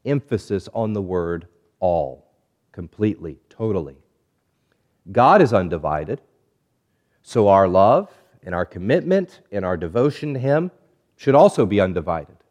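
Man preaching a measured sermon. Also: very animated. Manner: measured preaching with drawn-out emphatic words; drops low and quiet at phrase ends. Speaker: pastor.

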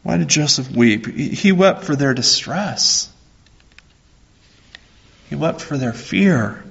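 A man preaching a sermon as a pastor, slow and earnest, repeating his phrases. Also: medium pitch, lively intonation, creaky, a bit bright, breathy edge, muffled recording.

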